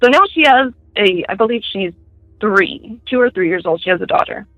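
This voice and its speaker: A woman recounting her own ghost stories. She has a gravelly, fry-laden voice that still sounds bright and sharp. She talks in a chatty, filler-heavy way and jumps into high voices for quotes, all over a faint bed of music. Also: brisk, no room sound, rough recording. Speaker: guest. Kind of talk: telling personal ghost stories.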